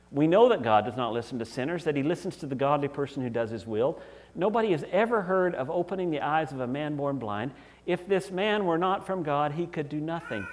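A middle-aged male pastor preaching a sermon in an earnest, conversational way, often acting out quoted voices. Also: fairly high pitch.

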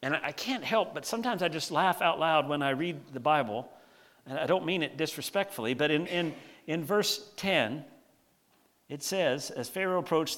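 A man preaching a sermon: he reads a scripture passage, then explains it in a relaxed, conversational way, and he often slows down to stress key words. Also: on the high side. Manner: conversational, animated preaching with slowed emphasis. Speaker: pastor.

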